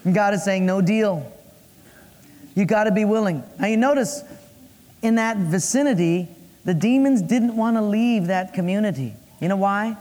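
A man's voice: sits high, moderate pace, darkish tone. A male pastor preaching a sermon, playful, acting out voices and dropping puns. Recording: long echo of a large hall.

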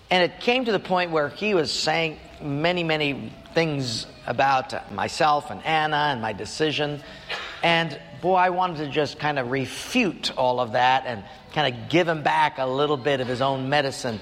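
A man's voice: fairly bright tone, slight background noise. A man preaching a sermon in church, telling a personal story earnestly and often lifting his voice. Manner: earnest storytelling with sudden rises in pitch. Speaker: pastor. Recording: long church hall reverb.

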